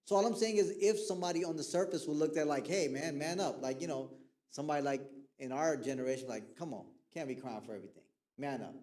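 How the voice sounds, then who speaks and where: Here the same kind of speaker, a man counseling youth on mental health, addresses a youth group informally with a warm, fairly high-pitched voice. He keeps checking in with his audience and acts out whoever he's quoting.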